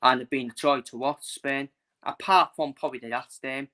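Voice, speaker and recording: A man from England talks football with a bright, forceful voice, hammering the same points again and again. He speaks bluntly and emphatically, like a vlogger ranting to his viewers. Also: mid-range voice, fairly even intonation, moderate pace. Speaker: football channel host. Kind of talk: casual ranting match preview.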